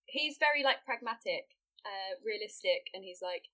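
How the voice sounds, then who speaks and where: A woman's voice: medium pitch, lively intonation, normal speed, sharp tone. A young woman, a podcast guest who tells stories casually, laughing often and using lots of fillers. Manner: chatty storyteller, laughs often, many fillers. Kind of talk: casual chat.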